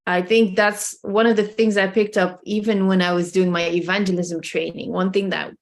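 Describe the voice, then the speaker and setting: A woman from the Netherlands answering interview questions as a missionary guest, earnest and hesitant with many pauses. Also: medium pitch, level tone.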